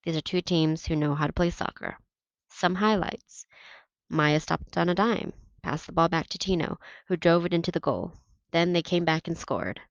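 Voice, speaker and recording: A woman reading a novel aloud in a steady, plain narrating voice. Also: lowish voice, moderate pace, dry recording. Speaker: reader. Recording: dull, dry lo-fi recording.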